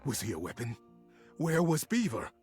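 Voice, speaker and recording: A man narrating a storybook with an expressive, theatrical delivery. His voice is husky and breathy, and his pitch rises and falls widely through each sentence. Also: moderate pace, soft background music.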